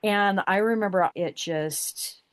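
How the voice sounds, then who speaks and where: A woman's voice: mid-range voice, slow, no room sound, clean studio sound. A middle-aged woman telling a personal story as a podcast guest, acting out the exchanges she recounts.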